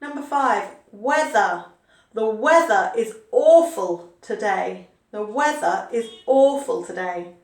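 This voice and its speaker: A woman's voice: mid-range voice, expressive, slow, roomy sound. A woman, teaching a spelling lesson, patiently repeating words and spelling them out letter by letter. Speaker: English teacher. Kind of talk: online English spelling lesson.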